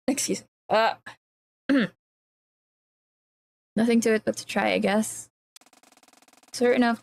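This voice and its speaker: A woman's voice: mid-range voice, vocal fry. A woman streamer reading a visual novel aloud on a livestream, breaking off into nervous, easily spooked chatter with her chat.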